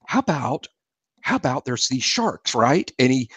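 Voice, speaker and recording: A man's voice: medium pitch, very animated, unhurried, fairly bright tone, slightly rough. Teasing middle-aged man riffing. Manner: teasing, riffs with mock dialogue. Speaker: radio show co-host. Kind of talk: casual chat.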